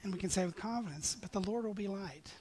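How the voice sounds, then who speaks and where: Male pastor preaching a sermon; dynamic delivery that builds to loud emphatic peaks and drops to quiet near-whispers. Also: high-pitched, fast talker. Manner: reads scripture aloud with passion.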